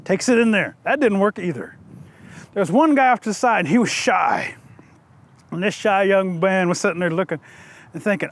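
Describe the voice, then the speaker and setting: High-voiced male folk storyteller. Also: moderate pace, long pauses. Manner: lively, playful, asides to listeners. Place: museum.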